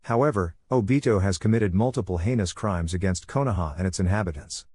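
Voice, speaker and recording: A man's voice: low voice, animated, fairly quick, a little mellow, slightly rough, no echo. A man reading a firm female ninja leader, Shizune. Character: calm, authoritative female ninja team leader.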